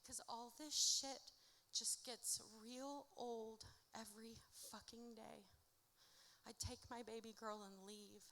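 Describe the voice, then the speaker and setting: A woman performing her own spoken-word poetry at a live event, with a rhythmic, dramatic delivery that swings from hushed to loud. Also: a little high, steady tone, slow pace. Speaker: author reading her own work. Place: indoor music venue at a live event. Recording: reverberant live venue recording.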